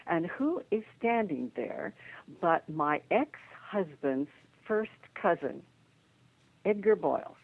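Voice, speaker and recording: An older woman, a guest on an interview, telling lively anecdotes and acting out the voices of the people in them. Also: fairly low pitch, slow pace, breathy edge, dry recording. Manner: lively storyteller who acts out the voices in her anecdotes. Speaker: guest, psychic detective. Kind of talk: animated storytelling in a phone interview. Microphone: telephone. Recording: tinny phone line.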